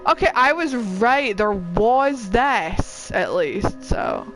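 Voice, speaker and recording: An excitable gamer talking through a let's play at an unhurried pace, with faint game music underneath. The talk is loose and profane, breaking into dismayed outcries at the game. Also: medium pitch, rough recording. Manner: excitable, swears, cries out in dismay.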